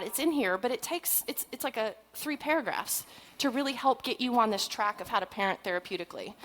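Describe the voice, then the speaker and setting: Animated woman giving a talk. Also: on the high side, rough recording. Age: 40s. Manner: animated, chatty storytelling with asides and self-deprecating humor. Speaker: parenting trainer speaking at a conference. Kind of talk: humorous conference talk.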